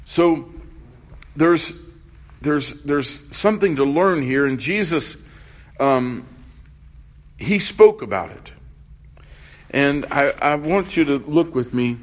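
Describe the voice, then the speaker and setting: A man's voice: a little high, expressive. A male pastor preaching a sermon, asking his congregation questions as he goes. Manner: unhurried, asks the congregation questions.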